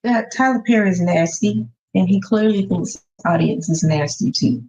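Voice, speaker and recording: A woman's voice: mid-range voice, normal speed. Female co-host, blunt interrupter; lo-fi muffled mic. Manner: blunt, excitable, cuts in. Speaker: podcast co-host. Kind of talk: casual TV review chat. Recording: dull lo-fi mic.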